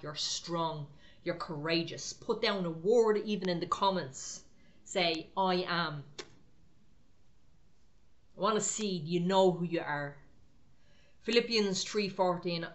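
A woman preaching an encouraging prophetic sermon to online viewers, talking in short, repeated exhortations. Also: fairly low pitch.

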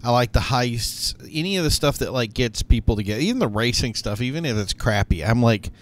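A man's voice: medium pitch, lively intonation, a little fast, slight background noise. Rambling male gameplay commentator. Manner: rambling, thinks aloud with fillers and restarts. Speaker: gaming YouTuber.

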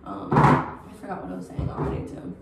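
A woman's voice: brisk, very noisy. A young woman in her early twenties, rambling bluntly with swearing as she chats while getting ready at home. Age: early 20s. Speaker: vlogger. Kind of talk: get-ready-with-me chat. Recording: echoey room, distant mic.

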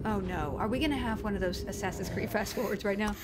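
A woman's voice: mid-range voice, sing-song, normal speed. A woman streaming a video game, gasping and exclaiming as she reacts to what happens on screen. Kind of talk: live let's-play reaction. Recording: loud game music behind.

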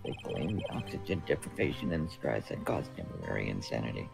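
Super low gravelly voice, grave haunted prosecutor guy that a man puts on, game music behind. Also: sing-song, full character voice. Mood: solemn. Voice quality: very deep, gravelly. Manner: slow, solemn reading of game dialogue. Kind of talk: reading game text aloud in character.

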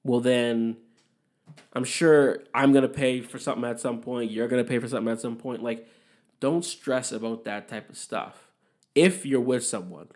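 Young man, podcast host, casual solo rant, blunt, swears a lot, rambling asides, mid-pitched. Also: normal speed, a little mellow. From Massachusetts, USA. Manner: candid, opinionated, swears freely, rambling asides.

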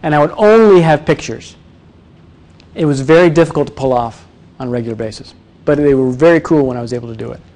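A man teaching presentation skills to a live audience, energetic and demonstrative, often quizzing the room. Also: medium pitch, fast. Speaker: presentation coach. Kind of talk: live workshop talk.

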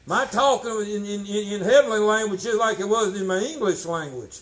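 Preacher, man, 60s, high voice, folksy and emphatic. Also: brisk, low-quality recording. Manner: folksy, emphatic, swings from shouting to low tones. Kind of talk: sermon.

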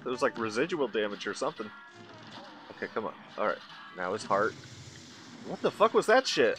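A man commentating his own video game play, muttering and swearing, then yelling in frustration. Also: mid-range voice. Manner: swearing, exasperated, mutters under breath then yells in frustration. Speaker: gaming channel host.

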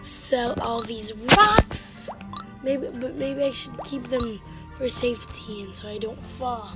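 A high-pitched woman gives an unhurried running commentary on her game, chatting and telling off the characters on screen. Game music plays clearly behind her voice. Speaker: gaming channel host.

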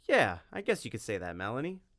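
A man voicing an eager, stubborn young boy in a storybook reading, pitching his voice up. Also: huge pitch swings, fairly quick, fairly bright tone, dry recording, studio quality.

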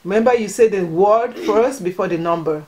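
A woman's voice: medium pitch, normal speed, a little mellow. Encouraging woman teaching children at home. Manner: encouraging and patient, repeats and prompts words. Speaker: vlogger teaching Yoruba to children. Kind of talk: home language lesson.

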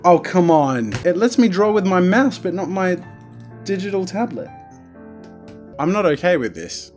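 An Australian man commentating a painting game live, excitable and jokey. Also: high-pitched, a little slow, long pauses, faint music behind. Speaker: streamer playing a painting game. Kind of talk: live let's-play commentary.

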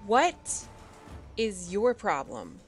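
A woman's voice: medium pitch, sing-song, very slow, soft background music. A young woman gamer giving emotional, ranting commentary while playing, upset and angry, talking back at the characters. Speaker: let's play gamer. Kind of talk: casual gameplay commentary.

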